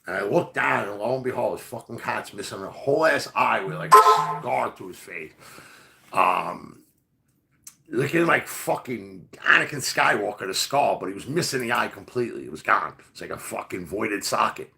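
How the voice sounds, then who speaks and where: A man's voice: fairly low pitch, lively intonation, normal speed, vocal fry, sharp tone. A man casually telling a rambling, profane story full of fillers. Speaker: podcast host.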